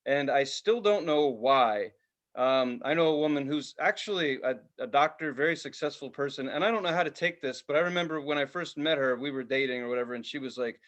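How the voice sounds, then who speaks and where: A man's voice: medium pitch, a little fast. A man in his forties, co-hosting a casual podcast chat, telling stories with lots of swearing and acted-out quotes. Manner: animated storyteller, swears freely, acts out quotes. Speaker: podcast co-host.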